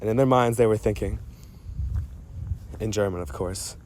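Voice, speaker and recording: A man's voice: on the low side, normal speed, a little mellow. A young man telling a mocking, profane story to a friend in a casual voice memo recorded on his phone. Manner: teasing and profane, breaks into laughter.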